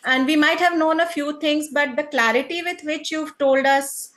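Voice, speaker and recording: A woman's voice: sits high, moderate pace, fairly bright tone. A woman, hosting an event and giving a polite, appreciative vote of thanks. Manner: polite, appreciative, with small hesitations. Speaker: event host thanking the guest speaker.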